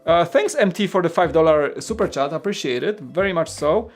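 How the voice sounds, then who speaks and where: A man's voice: fairly high pitch, animated, fairly quick, faint music behind. A man from Poland, hosting a casual livestream and chatting rambly with viewers. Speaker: host.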